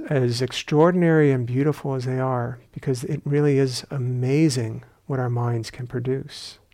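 In a retreat hall, a male meditation teacher gives a dharma talk that is reflective and unhurried, with gentle humor. His voice is medium in pitch.

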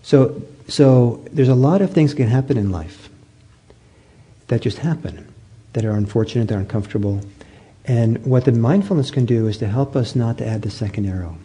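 Male meditation teacher, gentle and halting, slightly husky voice. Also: medium pitch. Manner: gentle, halting storytelling with many fillers and restarts. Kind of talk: dharma talk.

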